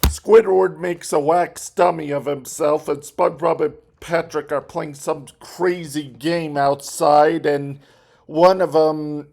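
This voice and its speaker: Slow, rambling man chatting. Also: a little high, steady tone, creaky, darkish tone. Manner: rambling, self-correcting, chatty. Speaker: vlog host. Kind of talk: casual commentary vlog.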